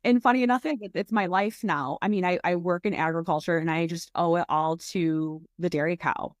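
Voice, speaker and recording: Lowish-voiced woman, chatty. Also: brisk, no room sound, clean studio sound. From West Michigan, USA. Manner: chatty and enthusiastic, acts out quoted remarks with jumps in pitch. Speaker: guest, dairy sustainability founder. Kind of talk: casual interview chat.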